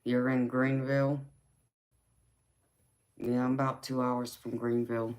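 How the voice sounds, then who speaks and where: A woman's voice: rumbling low, flat delivery, a little slow, a little mellow. A woman with a Southern Georgia accent hosting a casual live stream, reading out viewer comments, laughing often and calling people honey and sweetheart. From Southern United States. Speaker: tarot reader and livestream host.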